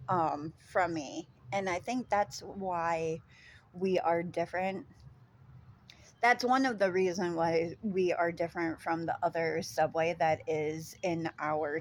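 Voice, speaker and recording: A woman with a Minnesota accent chatting casually in a vlog, rambling with lots of ums and casual swearing. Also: fairly low pitch. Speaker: vlogger. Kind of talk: casual chat.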